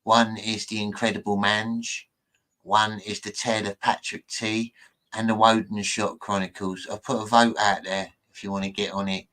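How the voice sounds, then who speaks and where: A man's voice: on the low side, little pitch movement, moderate pace, a bit bright, low-quality recording. A man chatting casually and rambling into a desk mic, joking and bragging as he reacts to clips. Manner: rambling, jokey and boastful. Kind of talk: casual chat.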